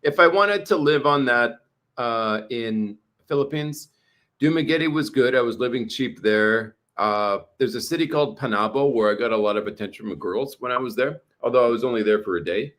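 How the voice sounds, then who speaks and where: A man's voice: mid-range voice, moderate pace, fairly bright tone. A man from Canada talking casually to viewers, ranting with a lot of profanity and repeating himself. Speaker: vlogger. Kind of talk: casual livestream rant.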